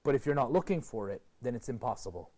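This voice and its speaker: A man presenting a TV program, giving an expressive motivational lecture to a group and asking rhetorical questions. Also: fast talker. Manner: expressive, rhetorical questions, sweeping pitch swings.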